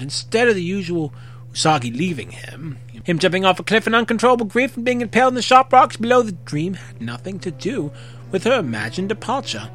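Male narrator reading fan fiction, expressive, slightly high, lively. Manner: expressive, occasional slips and rereads.

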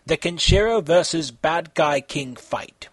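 A man reading his own fan fiction aloud in an amateur, halting way, with slips and self-corrections. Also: on the high side, expressive, slightly rough, no echo.

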